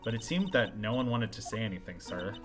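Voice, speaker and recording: A man's voice: lowish voice, expressive, fairly quick, natural voice. A man voicing an earnest, unlucky young female police officer in an amateur game voice-over, with game music behind. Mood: determined. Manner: clumsy, says "sir" a lot.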